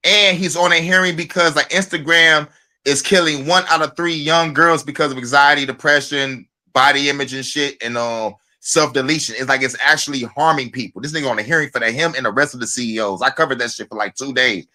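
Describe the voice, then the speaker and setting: A man co-hosting a casual livestream chat, animated and swearing freely. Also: medium pitch, brisk. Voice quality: profane, animated.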